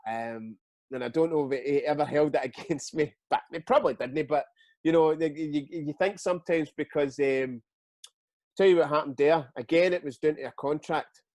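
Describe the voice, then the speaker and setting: A Scottish man in his forties, a guest telling stories in a casual interview, halting and repeating words as he goes. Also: a little high, no echo. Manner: lively storyteller. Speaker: guest, retired footballer.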